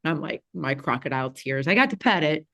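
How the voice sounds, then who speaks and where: Animated woman telling a story. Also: low-pitched, quick pace. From Southeast Missouri, USA. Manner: animated, laughs often, many fillers. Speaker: podcast guest. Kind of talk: casual storytelling.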